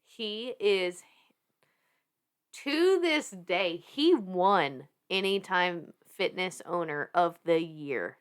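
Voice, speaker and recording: A woman in her thirties with a Southern US accent, a podcast guest telling her story in animated casual talk, laughing often and swearing freely. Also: lowish voice, very slow, clear, resonant tone.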